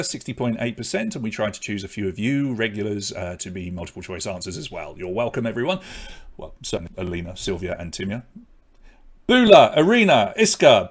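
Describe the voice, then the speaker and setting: A man's voice: on the low side, big pitch swings, a little fast. A man with a British accent hosting an online quiz, reading questions twice and calling out scores in a chatty way. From Britain. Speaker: quiz host.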